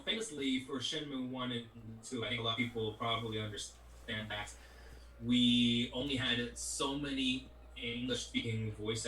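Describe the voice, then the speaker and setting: A middle-aged voice actor, interviewed as a guest, chats casually and rambles, saying "you know what I mean" a lot. His mid-range voice is bright and forceful. The recording is echoey, with a distant mic and faint music.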